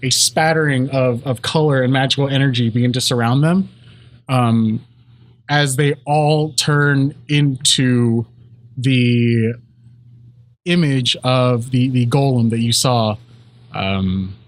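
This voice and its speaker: A man narrating as game master in a tabletop game, halting with ums and restarts and often laughing. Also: mid-range voice, steady tone, dry recording.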